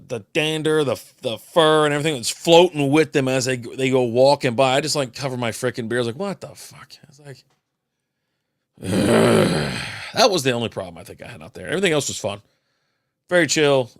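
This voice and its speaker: A man's voice: mid-range voice, fairly bright tone, dry recording. Profane rambling older man, dry close mic. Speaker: podcast host. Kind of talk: casual solo beer podcast rant.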